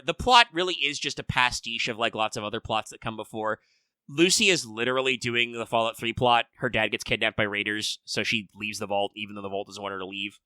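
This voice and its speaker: A man co-hosting a casual chat about games and shows, rambling with lots of fillers and quick mock voices. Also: medium pitch, bright, forceful tone, no room sound. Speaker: podcast co-host.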